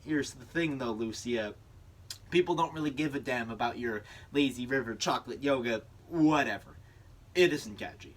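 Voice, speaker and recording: A young man playing a dry, sarcastic male ad man with a deadpan delivery. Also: medium pitch, normal speed, lightly acted. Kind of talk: speech-team comedy performance.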